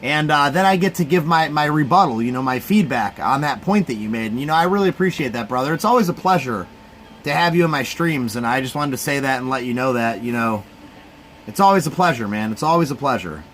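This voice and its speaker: A man's voice: medium pitch, expressive, fairly quick, fairly bright tone, slight background noise. A man hosting a live stream, giving casual, rambling sports reaction commentary to his chat. He sounds sleepy and keeps yawning. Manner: laid-back, rambling, talks to his chat.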